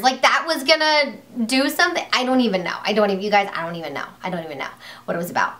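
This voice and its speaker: A young woman vlogger telling a personal story to camera in a rambling, excitable way, with many fillers and restarts. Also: on the high side, fast talker.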